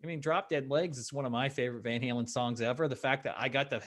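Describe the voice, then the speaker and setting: A man's voice: medium pitch, fairly even intonation, quick pace. A middle-aged man hosting a live video panel, talking earnestly and casually like a devoted fan. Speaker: host. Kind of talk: casual panel chat, wrapping up the show. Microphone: video call.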